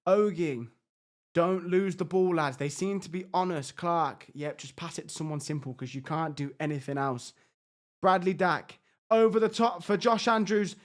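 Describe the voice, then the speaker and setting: A man reacting out loud as he plays a football management game, exasperated and excitable, talking to his players. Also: fairly high pitch, moderate pace. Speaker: gaming YouTuber.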